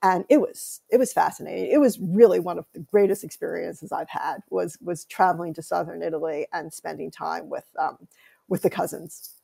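A middle-aged woman, an author interviewed as a guest, telling family stories in an animated way and laughing often. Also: lowish voice, normal speed, vocal fry, husky. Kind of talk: conversational interview.

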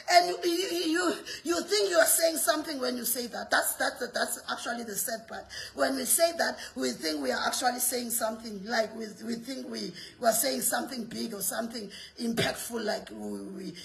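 A woman preacher delivering an impassioned sermon, shouting and repeating her lines with rhetorical questions. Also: a little high, normal speed, vocal fry, few pauses.

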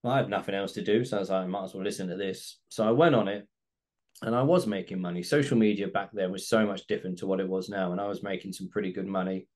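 Man, podcast host, low voice, candid personal storytelling. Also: steady tone, quick pace, a little mellow. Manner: candid and reflective, acts out phone calls.

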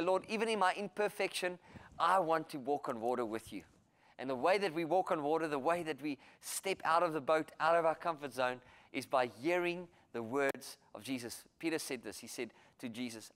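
A man's voice: fairly high pitch, moderate pace, fairly bright tone. Earnest preaching man. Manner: earnest preaching with rising emphasis and repeated phrases. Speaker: pastor. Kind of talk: sermon. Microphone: church sermon recording.

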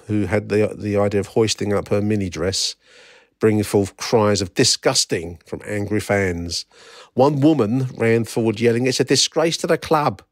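Middle-aged English male host, wry and meandering, lower voice, dry booth sound. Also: a little mellow, no echo. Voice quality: wry, rambling, many fillers and restarts. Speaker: podcast host. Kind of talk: casual solo podcast commentary.

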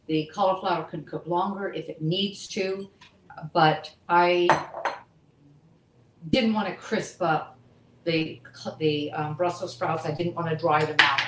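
A woman's voice: fairly low pitch, echoey room, very noisy. A woman teaching a live online cooking class from her home kitchen, chatting and making asides as she cooks.

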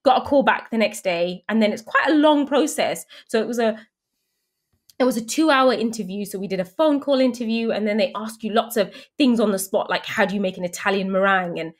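A woman, a guest on a chat show, telling her story in a casual, animated way with lots of fillers and restarts. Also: medium pitch, brisk.

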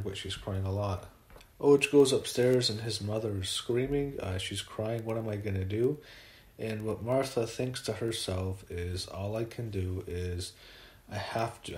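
A man giving a casual spoken review, retelling events haltingly with many fillers and restarts. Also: on the low side, a little mellow, reverberant, a little hiss or hum.

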